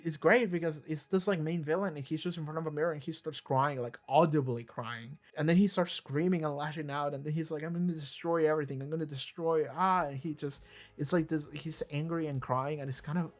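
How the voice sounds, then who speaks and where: A man hosting a reaction video, rambling through casual commentary with lots of fillers, restarts and casual swearing. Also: on the high side.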